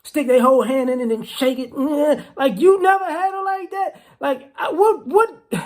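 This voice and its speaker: A woman with a fairly high voice talks to camera in a loose, rambling vlog. She teases her listeners and circles back over the same phrases again and again. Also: unhurried. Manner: teasing, rambling, repeats itself. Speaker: vlogger. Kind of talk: casual commentary.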